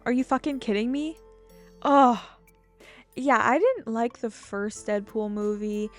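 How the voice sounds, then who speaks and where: A young woman in her twenties commentating casually over her gameplay, rambling from topic to topic, getting excited and swearing freely. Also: on the high side, a little slow. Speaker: gaming YouTuber. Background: faint game music.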